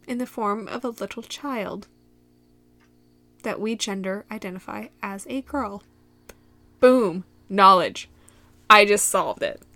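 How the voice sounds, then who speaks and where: A woman's voice: medium pitch, bright, forceful tone. A young woman from Michigan hosting a solo podcast, recapping a show in a giggly, rambling way that drifts into tangents. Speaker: podcast host.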